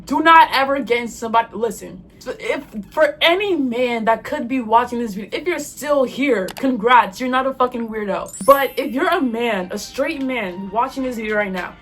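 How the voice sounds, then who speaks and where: A young woman vlogger reacting to texts out loud, exasperated and swearing often. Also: a little high, animated, normal speed. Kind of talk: reaction commentary reading texts.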